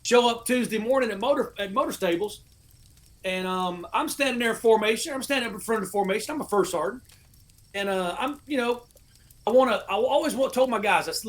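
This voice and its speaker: A middle-aged American man tells a war-buddy story in loose, salty podcast chat. His delivery is animated and full of profanity. He acts out his old barked orders as he goes. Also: high-pitched, a little fast. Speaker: podcast guest, army veteran. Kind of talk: casual storytelling.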